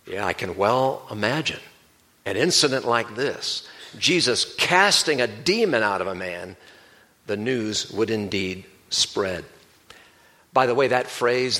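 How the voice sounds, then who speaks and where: A male pastor giving a sermon, explaining a Bible passage in a measured, teaching manner. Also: medium pitch, pushed and bright.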